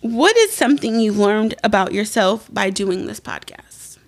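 A young adult woman co-hosting a podcast in casual chat, candid and animated, swearing freely and acting out quotes. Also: medium pitch, a little slow, gravelly. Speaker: podcast co-host.

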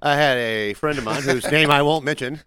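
A man's voice: medium pitch, normal speed, clean tone, no room sound. A man co-hosting a casual podcast, telling workplace stories and acting out the people in them. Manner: animated storyteller acting out quotes. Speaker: podcast co-host. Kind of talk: casual storytelling chat.

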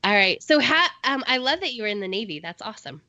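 A woman co-hosts a podcast in a bright, forward voice. She rambles and restarts her thoughts, filling gaps with ums. The sound is dry, muffled and lo-fi. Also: fairly high pitch, big pitch swings, fast talker, dry recording. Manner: rambling, restarts, many fillers. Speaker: podcast co-host. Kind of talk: casual podcast chat.

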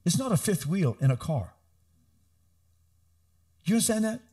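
Middle-aged male pastor, animated sermon delivery, slightly high voice with lively swings. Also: normal speed. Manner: animated preaching, rising to emphatic calls.

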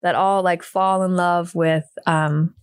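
A woman's voice: lowish voice, slow, smooth, dry recording, clean studio sound. A middle-aged woman, a podcast guest, telling a personal story in casual conversation and acting out the people she quotes. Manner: lively storyteller, acts out quoted voices. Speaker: podcast guest, yoga teacher and therapist.

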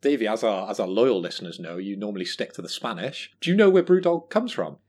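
A man's voice: lowish voice, sing-song, fast, darkish tone, husky. A man co-hosting a gaming podcast, teasing his friends and hesitating with fillers as he talks. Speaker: podcast co-host. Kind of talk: casual chat.

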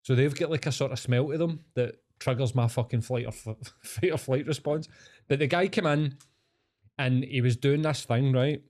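A man's voice: medium pitch, moderate pace, a little mellow. A man with a Scottish accent chatting casually and swearing freely, telling long rambling stories. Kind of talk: casual chat.

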